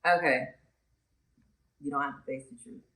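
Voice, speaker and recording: A man's voice: medium pitch, fairly even intonation, normal speed, pushed and bright, close to an everyday voice. A man playing a needling, teasing friend. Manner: dry, needling. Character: teasing man calling his friend sensitive. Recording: roomy room echo.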